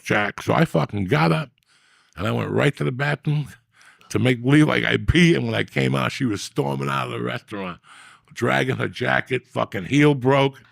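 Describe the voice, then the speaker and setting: Male podcast host, gravelly and rough, dry close sound, profane and animated storyteller. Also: mid-range voice, dry recording. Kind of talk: casual storytelling.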